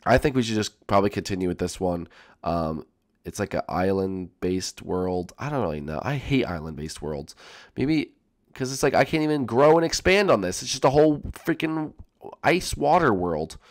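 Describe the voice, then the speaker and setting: Excitable man with a lively low voice. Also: normal speed. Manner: excitable, repeats himself, talks straight to viewers. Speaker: gaming channel host. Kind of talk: Minecraft let's-play commentary.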